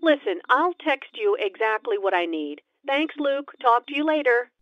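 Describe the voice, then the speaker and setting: A woman's voice: fairly high pitch, sing-song, moderate pace, dry recording. An actress playing a woman who calls a coworker on the phone and politely asks for a favor, in a scripted dialogue. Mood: polite, urgent. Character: friendly adult woman calling a coworker. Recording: dull phone-like call audio.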